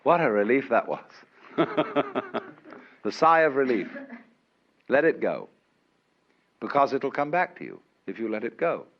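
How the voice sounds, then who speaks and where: Man lecturing to a hall, lively up and down voice, wry and unhurried, muffled old tape sound. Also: medium pitch, a little hiss or hum. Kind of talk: public lecture. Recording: dull lo-fi archive lecture recording.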